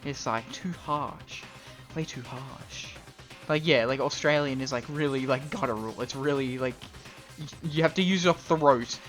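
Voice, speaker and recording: A man's voice: mid-range voice, measured pace, a bit bright. A young man giving casual, rambling commentary while live-streaming a game, playful and prone to swearing. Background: game music.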